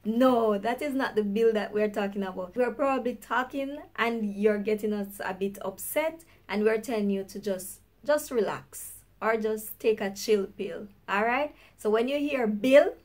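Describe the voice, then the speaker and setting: A woman's voice: a little high, normal speed, few pauses, a little mellow. A Jamaican woman hosting a casual teaching vlog, chatty and laughing often. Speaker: YouTube host teaching slang.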